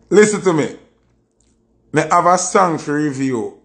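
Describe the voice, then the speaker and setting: A Jamaican man hosting a music review livestream, his voice slightly high for a man and full of gravelly fry. He talks in a boastful, emphatic way and keeps hammering the same point home. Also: fairly bright tone. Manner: boastful, emphatic, repeats himself.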